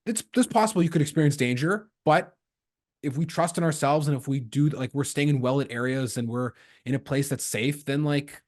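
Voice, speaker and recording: A man from Canada hosting a podcast, telling lively stories in a casual chat and acting out the lines of the people in them. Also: fairly high pitch, fairly quick. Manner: lively storyteller acting out quoted dialogue. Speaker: podcast host.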